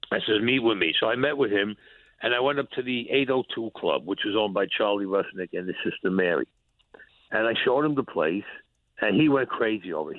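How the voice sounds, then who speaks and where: A man's voice: on the low side, dry recording. A man telling a story in an interview, acting out both sides of old conversations in blunt, profane street talk. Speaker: guest, former mob enforcer. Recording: tinny phone line.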